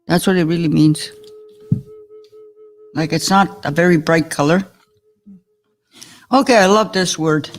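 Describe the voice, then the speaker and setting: A woman teaching words in a slow, patient language lesson. She chats between words, chuckles often and sounds out each new word carefully. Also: on the low side, soft background music.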